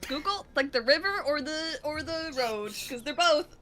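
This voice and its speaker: A woman from Pennsylvania chatting casually on a game stream, self-deprecating and full of quick asides. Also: high voice, expressive, fairly bright tone, slight background noise.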